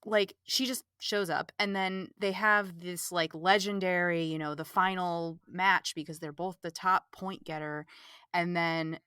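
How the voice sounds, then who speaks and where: A woman hosting a podcast, recapping a movie in casual, animated, exasperated chat full of "like". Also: on the low side, a little slow, clear, resonant tone, dry recording, clean studio sound. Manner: animated, exasperated, fills talk with "like". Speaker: podcast host.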